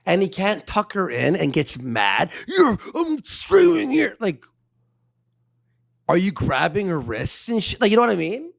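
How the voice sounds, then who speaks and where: A man hosting a livestream, gossipy and animated in his commentary. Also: on the high side, moderate pace, creaky.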